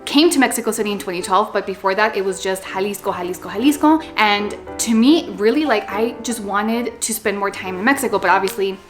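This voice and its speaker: A young woman talking casually to the camera at home, chatty and animated, slipping Spanish words into her English. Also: medium pitch, fairly quick, hardly any pauses, over music. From Los Angeles, USA. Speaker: vlogger. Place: home with a Christmas tree.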